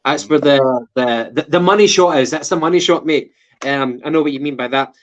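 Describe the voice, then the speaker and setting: A man's voice: on the high side, fairly quick. A Scottish man co-hosting a casual football podcast, rambling with restarts and plenty of swearing. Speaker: podcast co-host. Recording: dull lo-fi sound.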